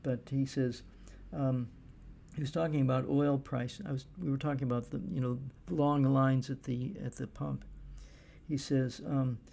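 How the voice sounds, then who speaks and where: A middle-aged man giving casual monologue commentary, halting often with fillers and restarts. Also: medium pitch, fairly even intonation, vocal fry, mellow. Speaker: political commentator.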